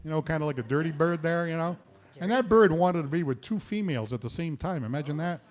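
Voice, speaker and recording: A man's voice: fairly high pitch, animated. Punning comedy show host, man. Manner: punning, self-mocking, quick asides. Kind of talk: stand-up jokes and banter. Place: restaurant.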